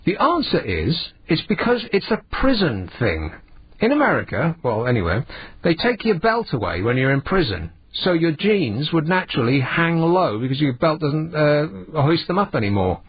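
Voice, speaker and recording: A sardonic man hosting a late-night radio phone-in, scoffing his way through the news. His voice is a touch husky and lifts and drops a great deal. The broadcast audio is dull and lo-fi. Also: fairly high pitch, wildly swooping pitch, normal speed, no room sound. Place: radio studio.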